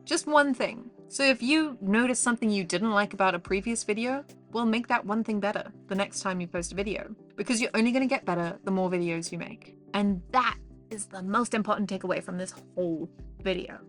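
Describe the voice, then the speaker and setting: A woman's voice: mid-range voice, a little fast, a bit bright, faint music behind. A woman with a South African accent, coaching viewers on camera in an upbeat, encouraging, playful way. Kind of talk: casual direct-to-camera advice.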